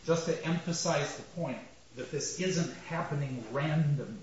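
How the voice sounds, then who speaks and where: A man giving a classroom lecture, talking deliberately and emphatically and slowing down to stress his points. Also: fairly high pitch, slight background noise. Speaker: lecturer on Shakespeare. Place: classroom with a marker board. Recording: roomy, dull lo-fi lecture recording.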